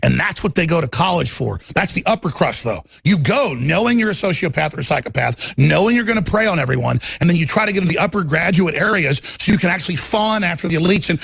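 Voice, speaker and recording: Gravelly, raspy man ranting fervently. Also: on the high side, lively intonation, fast, hardly any pauses, a bit bright, no echo. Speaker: political commentator. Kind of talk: political rant.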